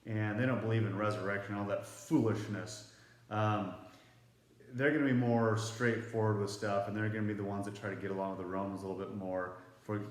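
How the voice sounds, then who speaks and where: A man's voice: on the low side, steady tone, a little fast. A man teaching a Bible lesson to students in a casual, conversational way. He explains the passage, reads verses aloud, and asks the class questions. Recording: roomy echo.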